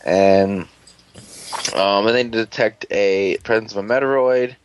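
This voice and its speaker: A man's voice: lowish voice, steady tone, measured pace, slight background noise, low-quality recording. A man hosting a casual chat, recapping a show in a rambling, sarcastic, profane way, groggy and unwell. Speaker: podcast host.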